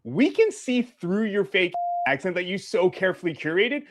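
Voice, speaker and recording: A man's voice: high voice, big pitch swings, normal speed. A man making a callout video, speaking in a sarcastic, profane, mocking way. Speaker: commentary video creator.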